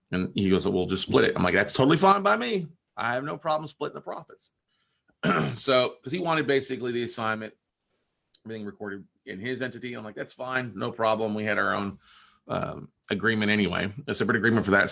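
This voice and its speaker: Man, podcast host, gravelly, bright tone, casual storytelling, quotes dialogue. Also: lowish voice. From Texas. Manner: conversational, with many restarts and quoted dialogue. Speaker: podcast host and note investor.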